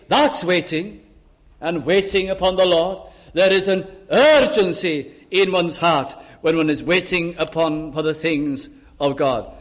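A man preaches an unhurried sermon on a psalm, swinging between urgent, raised pleas and hushed, low asides. He quotes scripture in old-fashioned wording.

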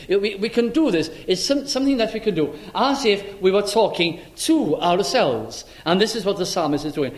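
A man preaching a sermon, expressive, acting out the voices of the people he quotes. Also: normal speed. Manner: expressive, acts out quoted voices with wide pitch swings.

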